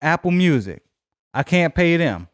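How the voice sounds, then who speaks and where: A young man spins an animated, profane story on a podcast, slipping into voices for everyone he talks about. His voice runs slightly high and sounds smooth and resonant. The recording is close and dry. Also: a little slow, no echo. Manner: animated, profane, acts out both sides of conversations. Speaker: podcast co-host. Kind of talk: casual storytelling chat.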